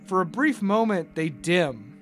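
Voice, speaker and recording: A man narrating a tabletop game as game master, halting and full of fillers. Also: high-pitched, very animated.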